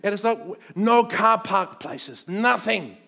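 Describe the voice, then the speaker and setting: A middle-aged man, preaching a sermon and telling a personal story in an animated way, dropping to hushed tones and rising to loud bursts. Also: high-pitched, measured pace, creaky. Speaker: pastor.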